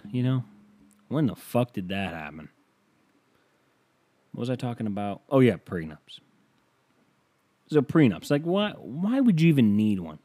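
A man's voice: on the low side, warm tone, no echo. Podcast host, male, profane and self-amused, dry close mic. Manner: profane, riffing, self-amused, voice jumping up when worked up. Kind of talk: casual solo podcast rant.

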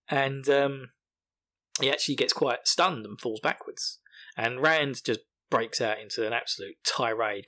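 A man's voice: medium pitch, fairly quick, a bit bright. A man casually recapping a book chapter, rambling, swearing freely and laughing often. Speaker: podcast host.

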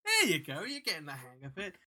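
A male podcast host chats casually about music. His voice is very bright and forceful, sitting a little high. He is blunt and enthusiastic, swearing freely. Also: wildly swooping pitch, quick pace. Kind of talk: casual chat.

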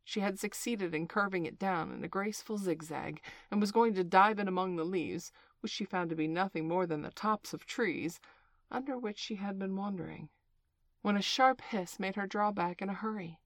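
A woman narrating a storybook aloud in a clear, measured, expressive way. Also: mid-range voice, no echo.

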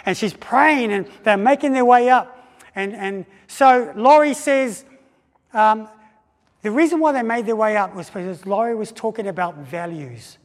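A man preaching a sermon, telling a story in an animated way and acting out the voices of the people in it, with frequent restarts. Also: high-pitched. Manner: animated, acts out quoted voices with pauses and restarts. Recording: long hall reverb.

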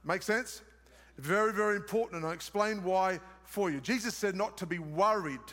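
Australian male pastor, high voice, live sermon in a reverberant church hall. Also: moderate pace, fairly bright tone. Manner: emphatic repetition, asks the congregation questions.

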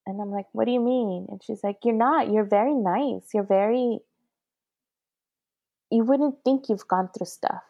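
A woman's voice: on the high side, unhurried, gravelly, warm tone, no echo, dull audio. A middle-aged woman and mother talking earnestly in a casual conversation, retelling talks with her daughter. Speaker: guest, mother.

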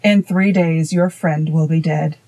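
A woman reading voicing a fierce, arrogant male goblin king with slow, menacing defiance. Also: low-pitched, steady tone, warm tone, low-quality recording. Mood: raging.

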